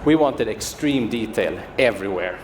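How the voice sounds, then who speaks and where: A man, a game studio's creative director, giving a polished, measured scripted presentation. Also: on the low side, animated, slight background noise. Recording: roomy studio video with music underneath. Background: music.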